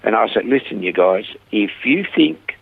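A man guest telling lively stories about his ministry, acting out the people he quotes, heard over a phone line. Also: fairly low pitch, normal speed, vocal fry, husky, no echo. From Australia. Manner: animated storyteller, acts out quoted voices. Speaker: guest, rehab ministry founder. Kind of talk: conversational storytelling interview. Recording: dry phone-line sound.

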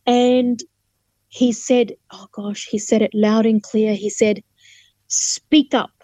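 A woman's voice: a little high, flat delivery, takes it slowly, dark tone, no echo. A woman from Fiji, a human rights lawyer telling her faith testimony as a guest, earnestly acting out the dialogue. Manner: earnest, vivid storyteller who acts out dialogue. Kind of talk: testimony storytelling in an interview.

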